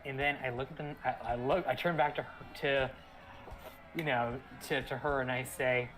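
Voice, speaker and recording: A man's voice: mid-range voice, fairly even intonation, normal speed, fairly bright tone. A man playing in a tabletop game, describing his character's actions animatedly in the first person. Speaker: player. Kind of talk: tabletop role-play.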